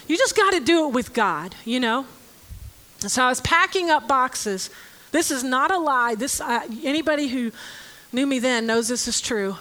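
A high-pitched, middle-aged woman shares a personal testimony in an earnest storytelling voice. She speaks plainly and openly, with soft laughs between her lines. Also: low-quality recording.

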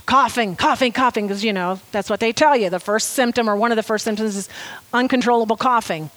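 A woman preaching a sermon, telling a story with lively, animated delivery and acting out quoted lines. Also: a little high, fast.

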